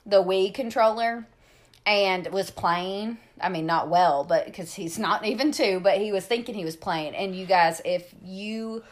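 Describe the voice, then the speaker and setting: A woman in her thirties co-hosting a casual podcast, telling animated stories and acting out what people said. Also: medium pitch, a little slow. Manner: animated storytelling, acting out quotes. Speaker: podcast co-host. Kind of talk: casual chat.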